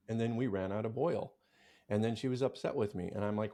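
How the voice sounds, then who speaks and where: A man's voice: fairly low pitch, quick pace, mellow. A man speaking as a relationship coach on a podcast, telling a personal story in a reflective way. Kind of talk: casual podcast chat.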